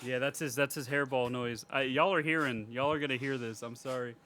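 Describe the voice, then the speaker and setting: A man co-hosting a podcast, recapping a movie in casual, profane chat, laughing a lot and getting loud and excited when he retells scenes. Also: medium pitch, fairly quick, a little hiss or hum. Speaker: podcast co-host. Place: home, cat in the room.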